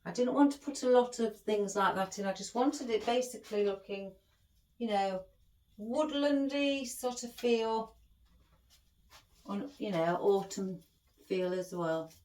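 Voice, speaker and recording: A woman's voice: mid-range voice, unhurried, darkish tone. A middle-aged woman chatting as she hosts a craft tutorial, rambling and affectionate toward her viewers. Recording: echoey room.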